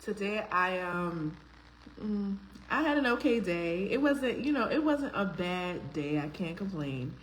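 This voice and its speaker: A woman's voice: mid-range voice, expressive, unhurried, a little hiss or hum, poor audio. A woman, hosting a live faith-based talk stream, greeting viewers by name in a chatty way with frequent ums. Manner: uses casual slang, filler ums. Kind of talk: casual live-stream chat.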